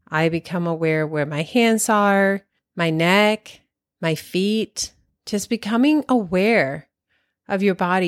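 Slow, calm woman teaching meditation. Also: mid-range voice, dry recording, clean studio sound. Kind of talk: guided meditation talk.

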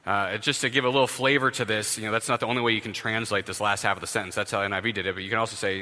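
Pastor guy giving a sermon, chatty and wry, lower voice but really bright and sharp, long echo like a big church hall. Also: steady tone, racing, hardly any pauses. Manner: conversational, wry preaching with fillers and asides.

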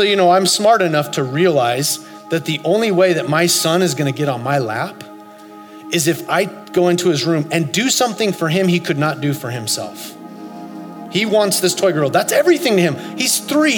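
A man in his forties preaching a sermon, telling a story with loud high bursts and soft low asides. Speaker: pastor. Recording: long hall reverb, faint music.

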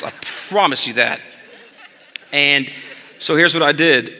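A man's voice: on the high side, unhurried, sharp tone, a little hiss or hum. A man in his thirties preaching a sermon as pastor, mixing scripture with funny, conversational stories about his kids. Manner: conversational, humorous storytelling. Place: church sanctuary. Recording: long hall reverb.

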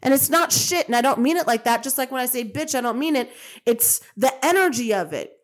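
A woman's voice: high voice, animated, brisk. A woman hosting a spiritual self-help podcast, talking emphatically in repeated affirmations and swearing casually. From Colombian-American. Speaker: podcast host. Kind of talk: motivational spiritual podcast monologue.

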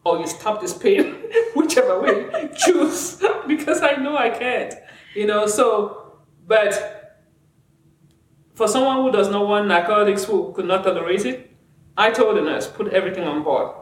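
Lively storytelling woman in an echoey room. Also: medium pitch, normal speed, pauses often. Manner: animated storytelling, laughs often, acts out quotes. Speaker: clinician guest. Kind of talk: casual conversation.

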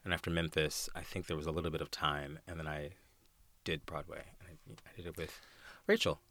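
A deep, low-pitched American man chats as an interview guest, telling backstage stories with lots of energy. His voice is bright and forceful, recorded close and dry with no room sound. He slips into playful quoted voices and laughs easily. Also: brisk, no echo. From United States. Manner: animated storyteller, acts out quoted voices, laughs often. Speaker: guest actor. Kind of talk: casual interview chat.

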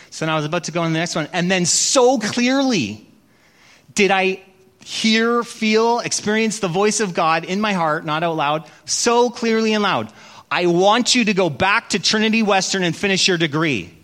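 A man's voice: high-pitched, animated, normal speed, a bit bright. A middle-aged man preaching a sermon, telling stories and acting out his own prayers with self-mocking humour. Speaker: pastor. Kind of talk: sermon with storytelling.

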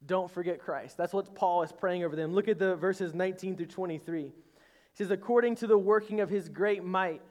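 With a high-pitched, darkish voice and a brisk pace, a male pastor delivers a casual, conversational sermon. He's earnest but slips in joking asides and asks the congregation to respond.

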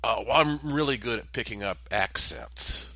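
A man's voice: fairly low pitch, animated, normal speed, sharp tone, no echo, exaggerated voice. A man voicing a friendly, chatty middle-aged stranger who asks eager questions.

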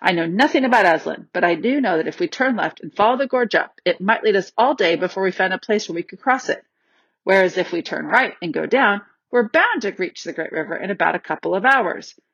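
A woman's voice: medium pitch, lively intonation, fairly quick, fairly bright tone, breathy edge. A woman doing a blunt, stern dwarf. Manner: blunt, matter-of-fact. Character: gruff practical male dwarf, blunt and stern. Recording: dull, slightly lo-fi dry recording.

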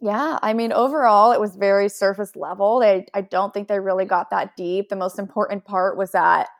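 A young woman in a relaxed podcast chat, recapping gossip with plenty of quoted asides. Her voice sits at a middle pitch. She sounds loose and conversational. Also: moderate pace. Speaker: podcast co-host.

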